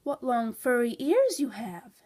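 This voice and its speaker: A woman voicing an eager little girl in a red hood, in a slow, sing-song storybook delivery. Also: fairly high pitch, very animated, a little mellow.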